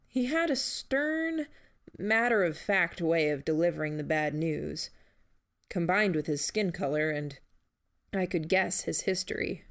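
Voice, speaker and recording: Gravelly, unhurried woman narrating a story. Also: on the low side, expressive. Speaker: audiobook narrator. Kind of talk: first-person audiobook narration.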